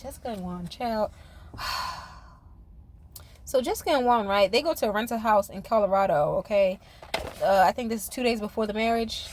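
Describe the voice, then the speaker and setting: A woman giving a casual, profane recap of a reality show, laughing often and talking straight to her viewers. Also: mid-range voice. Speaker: reality TV commentator.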